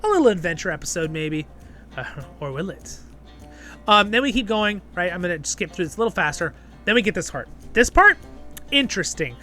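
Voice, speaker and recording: Bright-voiced chatty male reviewer. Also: high voice, very animated, a little fast, faint music behind. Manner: chatty, keeps tagging "right?" and "okay?". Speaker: show host and reviewer. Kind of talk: casual episode review commentary.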